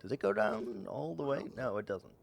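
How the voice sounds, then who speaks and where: A man's voice: mid-range voice, lively intonation, normal speed, gravelly, a little hiss or hum. Rambling, jokey male game streamer. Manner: rambling, jokey, self-mocking, chuckles often. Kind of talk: casual gaming stream chat.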